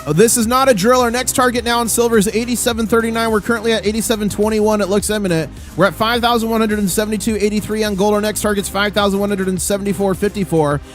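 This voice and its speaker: A man's voice: sits high, fairly even intonation, quick pace, hardly any pauses, faint music behind. A man hosting a live stream, calling out gold and silver prices in a hyped, auctioneer-like rush. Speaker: livestream host. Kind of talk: live market commentary.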